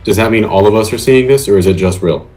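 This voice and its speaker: A man with a very low voice talks as a player in a tabletop game over a video call. He asks direct rules questions in a plain, casual way. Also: fast talker, darkish tone.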